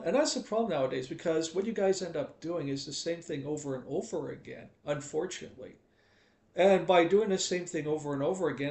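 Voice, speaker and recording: A man's voice: fairly high pitch, creaky. A man live streaming a game, talking casually in a chatty, teasing way that turns preachy. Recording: echoey room.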